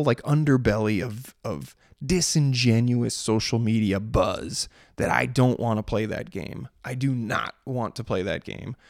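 A man's voice: medium pitch, a little mellow, no echo, studio quality. A man from Maryland, a singer-songwriter in his thirties, chatting casually and rambling, sarcastic about spam messages. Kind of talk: casual chat.

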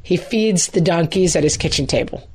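A woman in her forties co-hosting a podcast, telling stories in a playful, animated way. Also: fairly low pitch, normal speed, breathy edge. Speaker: podcast co-host. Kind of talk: casual chat.

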